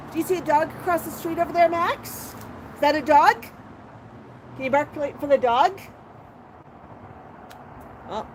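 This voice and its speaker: A woman vlogging from an outdoor patio, chatting in a sing-song voice and baby-talking to her pet bird. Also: high voice. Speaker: parrot owner and channel host. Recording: outdoor recording with street noise. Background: outdoor street ambience with passing cars.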